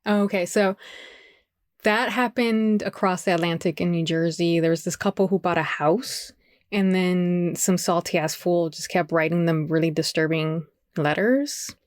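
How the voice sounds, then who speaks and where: A woman's voice: fairly low pitch, fairly even intonation, a little slow, no room sound, clean studio sound. A woman co-hosting a casual podcast, chatty and full of fillers as she tells folklore. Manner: chatty, many fillers, giggly asides. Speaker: podcast co-host telling folklore.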